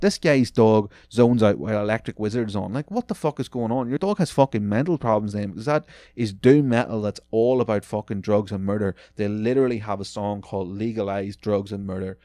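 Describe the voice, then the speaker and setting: A man's voice: on the low side, fairly quick, hardly any pauses, warm tone, no echo, studio quality. A man hosting his own podcast, ranting about music news and internet posts in a sarcastic, swear-heavy way. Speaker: podcast host. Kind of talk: solo podcast rant.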